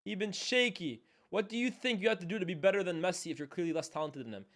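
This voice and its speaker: Excitable young streamer man, slightly high. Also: quick pace. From Canada. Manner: casual slangy chatter, loud reactions then quiet asides. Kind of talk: live match watchalong commentary.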